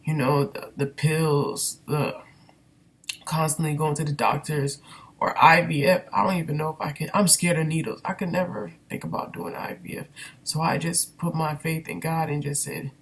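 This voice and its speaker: A woman's voice: low-pitched, fairly even intonation, moderate pace, husky. A woman candidly venting in a personal vlog, rambling and emotional with many fillers, recorded on a built-in computer microphone. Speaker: vlogger.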